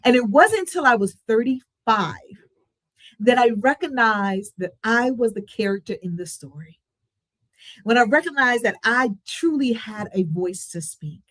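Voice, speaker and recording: A woman's voice: on the high side, lively intonation, measured pace, a bit bright, no room sound. A woman giving a motivational talk, telling a personal story with emotion and expression. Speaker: motivational speaker.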